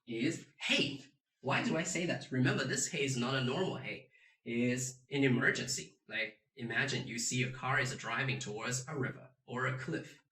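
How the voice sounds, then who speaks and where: A man's voice: medium pitch, normal speed, distant mic. A man, a teacher, giving a beginner pronunciation lesson and acting out each tone with exaggerated sounds. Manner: animated, demonstrates tones with sung and exaggerated sounds. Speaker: Mandarin teacher. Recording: roomy, a bit off-mic.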